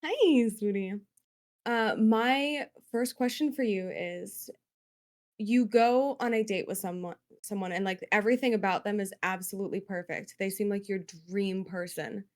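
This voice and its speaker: A woman's voice: mid-range voice, unhurried, darkish tone. A woman who grew up in Spain, hosting a game show and asking contestants long, rambling questions in an affectionate tone.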